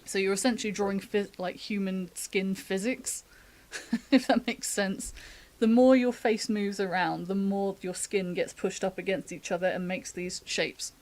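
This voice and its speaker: A woman talks through a drawing demo in a relaxed, chatty stream. She thinks aloud as she sketches and laughs easily. She is from the UK. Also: medium pitch, measured pace. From United Kingdom. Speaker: artist giving a drawing demo. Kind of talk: casual live-stream drawing tutorial.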